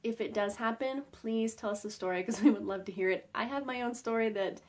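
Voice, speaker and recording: Bright-voiced woman teaching outdoor skills. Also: a little high, a little fast. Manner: chatty, animated storytelling with light laughs. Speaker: outdoor educator and biologist. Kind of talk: casual how-to talk with a personal story.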